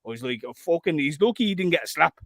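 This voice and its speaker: A man's voice: fairly high pitch, fast talker, dry recording. Sweary man telling a story. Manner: profane, animated, acts out quotes loudly. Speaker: podcast co-host. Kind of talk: casual storytelling chat.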